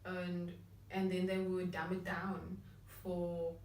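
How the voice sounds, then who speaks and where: A woman with a Cape Town accent talks in a chatty, reflective way, often restarting her sentences. Her voice sits a little low. She is picked up from a distance in an echoey room with faint background noise. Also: monotone, takes it slowly, a little mellow. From Cape Town, South Africa. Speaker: vlog co-host. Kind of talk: casual discussion.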